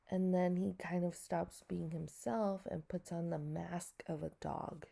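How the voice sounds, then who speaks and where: Slow, gravelly-voiced woman teacher. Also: lowish voice, level tone, warm tone. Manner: patient, explains step by step, asks students questions. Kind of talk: recorded class lesson.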